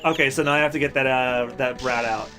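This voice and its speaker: A man's voice: medium pitch, steady tone, fast talker, pushed and bright, faint music behind. A man hosting a let's play, giving casual, joking and sarcastic gameplay commentary. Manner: joking, sarcastic, swears freely.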